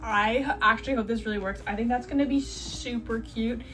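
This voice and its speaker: A woman's voice: fairly high pitch, a little fast, a bit bright, faint music behind. A young woman chatting casually as a vlogger while sorting and cutting up old clothes, rambling and swearing now and then, with the hiccups.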